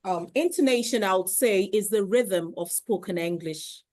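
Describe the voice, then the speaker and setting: A woman's voice: mid-range voice, moderate pace, a little mellow, no echo. A woman who coaches speaking, explaining things carefully in conversation and repeating her key points. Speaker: guest, speech coach.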